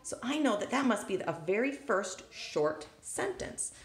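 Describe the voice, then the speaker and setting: A woman's voice: mid-range voice, animated, normal speed, hardly any pauses. A woman teacher talking students through a worksheet, thinking aloud step by step and tapping out syllables on the table as she records with one hand. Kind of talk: recorded classroom lesson walkthrough. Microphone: handheld recording device. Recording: echoey room.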